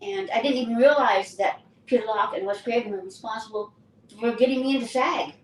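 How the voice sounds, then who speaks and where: An older woman, an actress, recounting her career in a lively, anecdotal interview style. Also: on the high side, fairly quick. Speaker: actress and guest. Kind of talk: casual interview storytelling. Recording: roomy distant mic with faint ambience.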